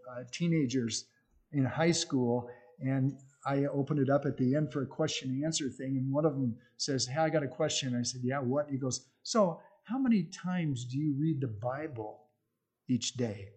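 Earnest man giving a mellow sermon. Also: medium pitch, fairly even intonation, normal speed. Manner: earnest, conversational with restarts. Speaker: missionary speaker.

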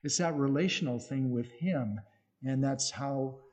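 Earnest man giving a mellow sermon. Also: medium pitch, measured pace. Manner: earnest, conversational with restarts. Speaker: missionary speaker.

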